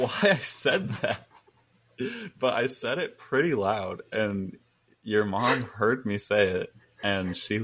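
A young man in his twenties with a low, gravelly voice that rumbles with vocal fry. He tells rambling stories in a relaxed chat, chuckling through them. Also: a little hiss or hum. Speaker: podcast guest. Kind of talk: casual storytelling chat.

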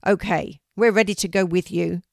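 A woman's voice: on the low side, fairly even intonation, normal speed, a little mellow, dry recording, clean studio sound. Older woman doing a sneering one-eyed tomcat. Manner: sneering, gruff. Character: big one-eyed male stray tomcat, gang leader. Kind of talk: storybook reading.

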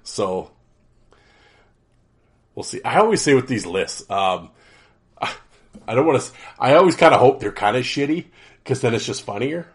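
A man's voice: medium pitch, expressive, moderate pace, long pauses. A man hosting a casual solo podcast, his voice nasal and stuffed up from allergies, rambling with many fillers and restarts. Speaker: podcast host.

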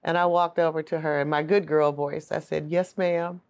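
A woman's voice: low-pitched, level tone, fairly quick, gravelly, smooth. A middle-aged woman giving earnest, emotional personal testimony in an interview.

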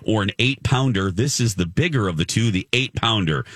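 A man's voice: lowish voice, animated, fairly quick, a bit bright, no echo, studio quality. A man hosting a morning radio talk show, bantering and running a mock game show in a playful manner.

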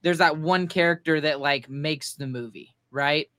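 A man's voice: on the high side, unhurried, fairly bright tone, no echo, clean studio sound. A young man hosting a podcast in casual chat, rambling loosely and laughing easily. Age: young adult. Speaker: podcast host.

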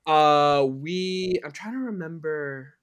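A man's voice: on the high side, takes it slowly, fairly bright tone, clear, resonant tone, dry recording. Rambling man guest on a podcast. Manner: rambling, hesitant, many ums and restarts. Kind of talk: casual chat.

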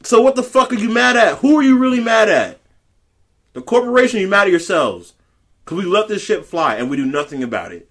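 Bright-voiced man ranting heatedly. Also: sing-song, brisk. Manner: loud, heated, swings between growls and high yells. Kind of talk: profane ranting commentary.

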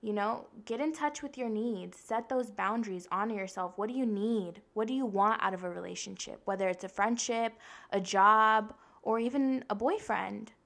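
A woman's voice: mid-range voice, moderate pace, gravelly, a bit bright. A young woman hosting a casual self-help podcast, blunt and profane, talking straight to her listeners and acting out the voices she quotes. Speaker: podcast host.

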